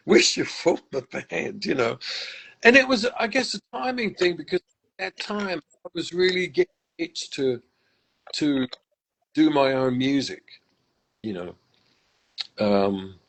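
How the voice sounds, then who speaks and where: A man's voice: mid-range voice, low-quality recording. An older man from England, a musician guest telling stories in a casual interview, reflective and full of restarts. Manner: reflective, warm faith talk with many restarts.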